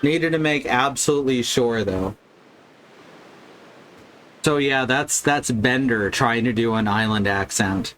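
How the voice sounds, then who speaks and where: A man's voice: mid-range voice, measured pace, pauses often, a bit bright, slight background noise. A man streaming a video game live, commenting casually and wryly. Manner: casual, wry, critical.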